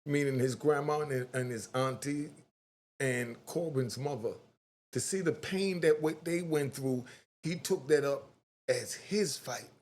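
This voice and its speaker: In a casual online commentary, a male host speaks directly to his viewers, animated and acting out quotes. He talks unhurriedly in a mid-range voice.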